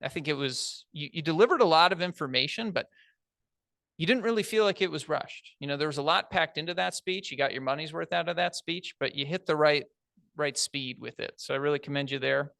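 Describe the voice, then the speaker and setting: A man's voice: on the high side, a little fast, gravelly, pushed and bright, no echo. Upbeat man giving a friendly speech evaluation. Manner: encouraging, conversational, plain-spoken. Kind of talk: spoken speech evaluation to an audience. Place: large meeting room.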